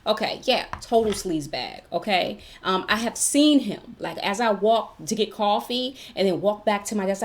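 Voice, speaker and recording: Emphatic woman giving advice, checking in. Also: medium pitch. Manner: emphatic, keeps checking in with "okay?"; chatty, repeats herself for emphasis. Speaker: vlogger giving workplace advice. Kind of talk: casual talk-to-camera advice.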